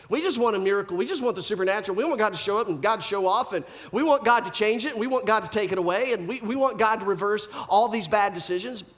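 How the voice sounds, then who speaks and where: A male pastor preaching a sermon in an animated style, full of rhetorical questions and repeated phrases. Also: extremely high pitch.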